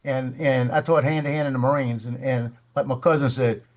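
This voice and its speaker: In a fairly quick, mid-range voice, a man narrates a story in an easygoing studio chat, with restarts and repeated words throughout. He's animated, acting out the voices of the people in his story.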